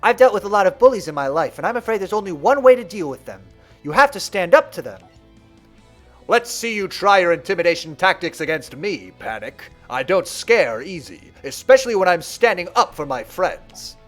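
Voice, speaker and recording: Brave, earnest boy hero read by a man, firm and lively. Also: sits high, normal speed, faint music behind.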